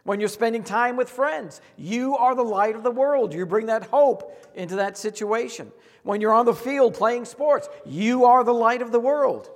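Male pastor, high voice, earnest sermon cadence, recorded in a reverberant sanctuary. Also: normal speed. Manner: earnest, repetitive preaching cadence. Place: church sanctuary. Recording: long hall reverb.

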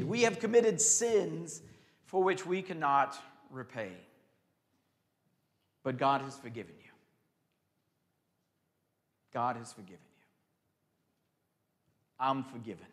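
A pastor with a voice on the high side preaches a sermon in a big-sounding room. He swings between loud emphasis and hushed, drawn-out phrases. He also leads the congregation in call-and-response.

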